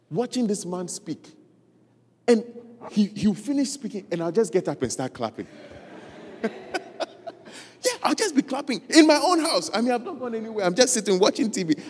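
A preacher giving an animated sermon, repeating key phrases for emphasis and acting out quoted voices. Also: medium pitch, husky. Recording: reverberant hall.

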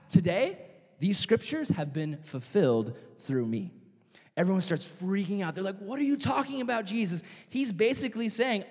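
A young man gives a youth sermon, telling stories and acting out the people in them with lively voices. His voice sits fairly high for a man. The sound rings with the long reverb of a church hall. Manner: animated storytelling, acting out quoted voices. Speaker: youth pastor.

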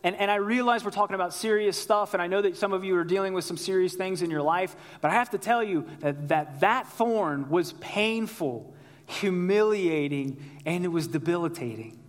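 A male pastor with a high-pitched voice delivers a sermon in a relaxed, storytelling manner. He speaks straight to the congregation and invites them to answer. His voice rings with the long reverb of a large church hall. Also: normal speed. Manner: conversational storytelling, calls out to the congregation.

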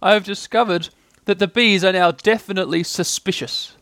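A man voicing a gentle, simple-minded bear in a storybook reading, speaking slowly and earnestly. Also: high-pitched, steady tone, no room sound, voice pushed up. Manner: slow, earnest and ponderous.

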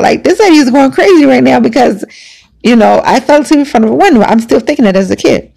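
A woman's voice: sits high, lively intonation, fast talker, gravelly, dark tone, breathy edge. A woman hosting a podcast, telling a personal story in a casual, emphatic, conversational way. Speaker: podcast host.

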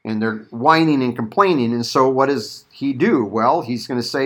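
A man's voice: mid-range voice, expressive, normal speed, few pauses. A middle-aged man teaching a Bible study sermon, reading scripture and acting out quotes with emphatic peaks.

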